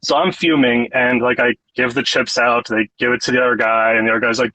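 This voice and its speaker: A man's voice: mid-range voice, fairly quick, dry recording, low-quality recording. A man on a call telling a story from his poker game, acting out what the other players and the dealer said. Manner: animated, acts out what others said. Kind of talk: casual storytelling.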